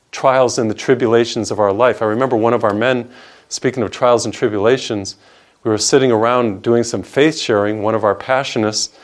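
A man, a priest, preaching a televised sermon in an earnest, emphatic way, stacking up lists of words and dropping soft on tender lines. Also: mid-range voice.

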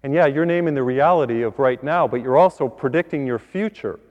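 A priest giving an earnest sermon, repeating words and building to higher emphasis on key points. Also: male voice, brisk, darkish tone, in a large hall, dull audio. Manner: earnest, repeats words, rises in pitch when stressing a point.

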